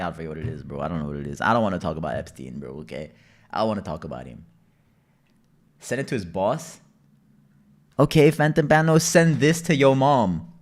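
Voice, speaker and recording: Swearing heavily and breaking into loud outbursts, a young man tells stories on a casual livestream and reads messages from chat aloud. His voice sits low.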